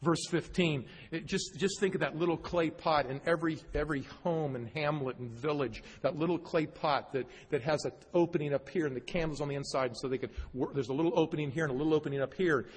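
A male pastor preaching a sermon, reading scripture slowly and with emphasis, with joking asides to the congregation. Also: on the high side, slightly rough. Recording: long hall reverb.

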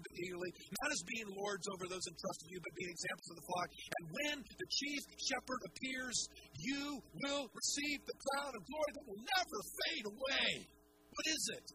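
A male pastor delivers an emphatic sermon to a congregation, his pitch leaping and dropping constantly as he drives home his rhetorical questions. The live recording carries a clear layer of noise under his voice. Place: church before a large congregation.

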